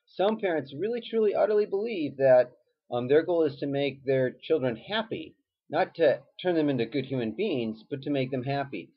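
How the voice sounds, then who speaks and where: A man's voice: on the high side, lively intonation, moderate pace, husky. A man, a former teacher, giving casual advice and telling stories in a conversational way with lots of fillers. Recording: dull lo-fi recording.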